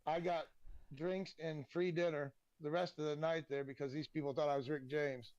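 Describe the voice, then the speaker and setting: A man, a podcast guest telling casual, animated stories and swearing freely. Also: a little high, moderate pace, no echo, muffled recording. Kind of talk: casual storytelling.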